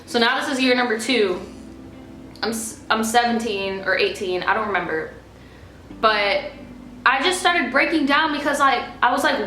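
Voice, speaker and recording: A woman's voice: a little high, moderate pace, bright, forceful tone. A young woman vlogger telling a personal story in a blunt, profane, casual way, acting out what was said. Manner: blunt and profane, acting out quoted lines with rising emotion. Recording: echoey room with faint music.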